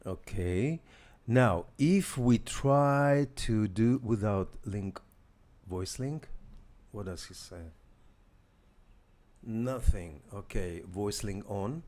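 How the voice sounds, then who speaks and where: A man's voice: lowish voice, extremely slow, long pauses, darkish tone. A man hosting a casual live demo, hesitant, with many fillers and restarts while talking to viewers. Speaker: tech demo host.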